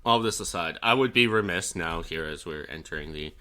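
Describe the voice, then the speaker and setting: Low, bright-voiced podcast co-host man. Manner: halting, many fillers, profane, blunt. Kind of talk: casual political chat.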